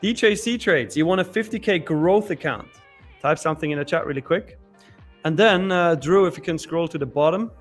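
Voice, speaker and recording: A man's voice: on the high side, brisk, faint music behind. A man co-hosting a live trading show, talking loosely, laughing and trailing off mid-sentence. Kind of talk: casual live-stream chat.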